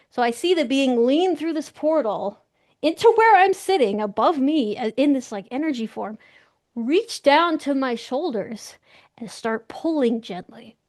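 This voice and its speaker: A young woman, a guest in an interview, telling a story in an animated, excitable way and acting out the voices she quotes. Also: on the high side, no echo, clean studio sound.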